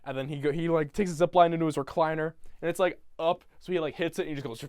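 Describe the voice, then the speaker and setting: Young male YouTuber, high-ish voice, profane rambling retelling, dead-dry room. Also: fairly even intonation, fast, hardly any pauses, darkish tone, no room sound. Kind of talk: rambling retelling of a film from memory.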